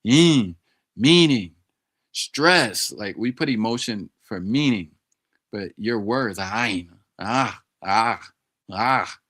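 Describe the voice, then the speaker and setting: A man's voice: fairly low pitch, slow pace, fairly bright tone. A man chatting casually on a live stream, thinking aloud and sounding out words as he studies, talking straight to his viewers. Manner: talks directly to viewers in chat. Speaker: streamer studying Arabic.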